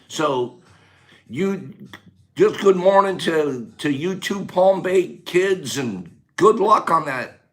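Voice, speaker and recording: A man hosts a casual morning livestream in a slightly high voice that swings widely up and down. He calls out his viewers by name and slips into a playful mock scolding. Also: slow pace. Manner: animated, calls out viewers' names. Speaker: livestream host.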